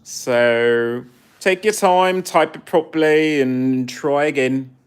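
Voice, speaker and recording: This English livestreamer in his forties takes his time, his fairly high voice clean in tone. He responds to the chat with a haughty, snarky attitude.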